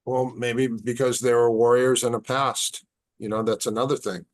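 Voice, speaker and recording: A man, a martial arts instructor on a podcast as a guest, telling stories in a casual, animated, halting way. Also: medium pitch. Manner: animated, halting, repeats words. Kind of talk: casual storytelling.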